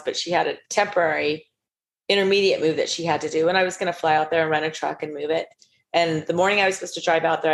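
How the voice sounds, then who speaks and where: A middle-aged woman speaking as a podcast guest, earnest and storytelling as she gives advice to listeners. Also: on the low side. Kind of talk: casual interview chat.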